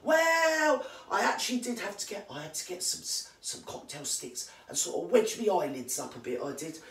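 A performer plays an indignant old English granny with a British accent, gossiping and swearing constantly in a rambling, slangy comedy monologue. The mock-outraged ranting swings hugely in pitch at a normal speed with a bit of brightness, recorded from a distant mic in a roomy space.

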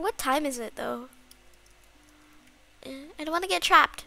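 A woman commenting on her own video game play, excitable and quick to gasp and shriek in fright. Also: sits high, gravelly, faint music behind. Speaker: gaming channel host. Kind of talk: Roblox gameplay commentary.

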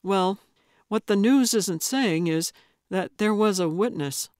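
A woman's voice: medium pitch, takes it slowly, darkish tone, no echo, studio quality, lightly acted. A woman voicing an earnest, somewhat hesitant male paramedic in an audiobook. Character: young man, earnest awkward paramedic. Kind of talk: audiobook character voice.

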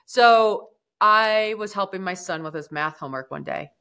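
A woman speaks as a podcast guest, her voice bright and forceful. She tells her story in an animated, casual manner, full of little fillers and quick asides. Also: mid-range voice, smooth. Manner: animated, acts out quoted speech. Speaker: guest, mountaineer. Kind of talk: storytelling interview.

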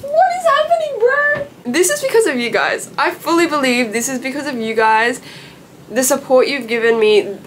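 A woman's voice: a little high, a little hiss or hum. A young woman, vlogging in a gushing, breathless way and squealing in disbelief. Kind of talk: excited casual vlog chat.

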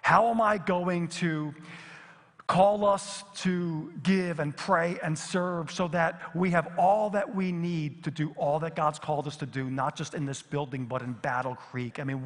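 A middle-aged man preaching a sermon as pastor, swinging from lively emphasis to hushed, near-whispered repetitions. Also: a little high. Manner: dynamic, drops to near whisper on repeated phrases. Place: church sanctuary. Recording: long reverb of a church hall.

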